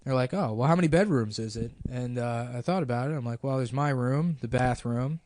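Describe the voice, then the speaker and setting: A young man talking through a long story on a podcast, full of fillers and "like"s, with a middle-pitched voice. His mic is close and dry, with no room sound around him. He keeps a loose, conversational pace. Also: fairly quick, a little mellow, dry recording. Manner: rambling, filler-heavy anecdote with quoted voices. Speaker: podcast host. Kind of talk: casual storytelling chat.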